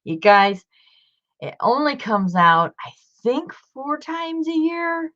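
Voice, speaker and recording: A woman's voice: high voice, sing-song, takes it slowly, fairly bright tone, dull audio. A woman hosting a craft video, talking casually to her viewers in a chatty, rambling way with many fillers and restarts. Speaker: craft channel host.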